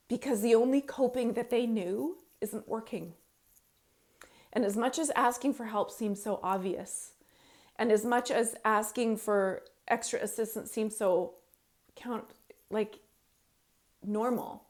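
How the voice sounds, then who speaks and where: A woman coaching parents in an earnest, pleading monologue, with emphatic pauses. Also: on the high side, darkish tone. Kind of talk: heartfelt advice monologue to parents.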